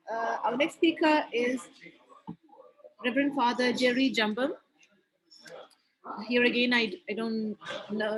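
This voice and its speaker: Woman moderator, high-ish voice, hesitant, fillers, crowd noise behind. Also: poor audio. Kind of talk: online panel moderation.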